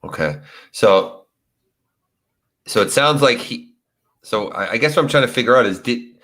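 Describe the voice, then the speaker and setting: A man's voice: medium pitch, lively intonation, normal speed, fairly bright tone. A man hosting a live true crime show, talking casually with lots of fillers and sympathy. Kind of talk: live stream interview.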